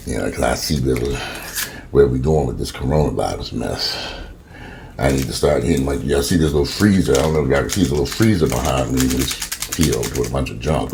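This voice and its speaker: A man's voice: rumbling low, gravelly, darkish tone, a little hiss or hum. A man in his fifties ranting profanely and animatedly in a casual home vlog, filming himself on a camera in his kitchen. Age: 50s. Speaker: vlogger.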